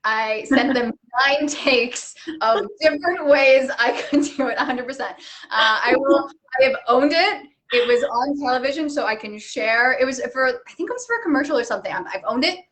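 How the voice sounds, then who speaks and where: A woman actor chatting casually on a live stream, telling animated stories and laughing at herself. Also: high-pitched, moderate pace. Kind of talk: casual chat. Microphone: webcam on a live stream.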